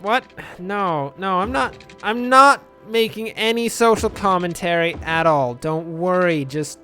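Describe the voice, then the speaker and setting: A man with a fairly high voice talks his way through a city-building game in an easy, offhand manner. He rambles from one joke to the next, dry and self-mocking, and spins out absurd tangents. Faint music plays behind him. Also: measured pace, pushed and bright. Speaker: let's play commentator. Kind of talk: casual gameplay commentary.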